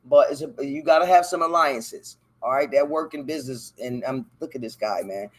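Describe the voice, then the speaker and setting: Speaking at normal speed in a medium-pitched voice, this man hosts a solo podcast where he reads from a text. He trips over the hard words and often stops to riff on what he's read, loose and full of profanity.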